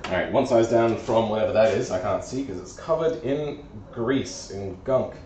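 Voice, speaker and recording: A man's voice: lowish voice, moderate pace, dark tone, slight background noise. Man, car repair streamer, muttering to himself, playful, self-mocking, distant mic, echoey garage. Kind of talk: casual live-stream chatter while working. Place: garage or workshop.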